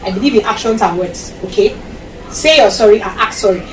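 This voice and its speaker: A woman's voice: medium pitch, lively intonation, a little fast, reverberant, noisy background. A Cameroonian woman vlogging casual parenting advice to camera, emphatic and repetitive, slipping into Pidgin phrases. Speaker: mom vlogger. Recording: distant mic with loud background ambience.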